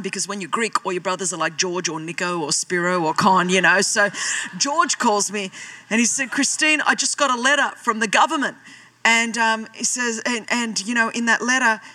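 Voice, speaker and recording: A woman's voice: on the low side, bright, forceful tone. A woman, preaching a sermon as a pastor and telling her own story with self-deprecating humour. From Australia. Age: 40s.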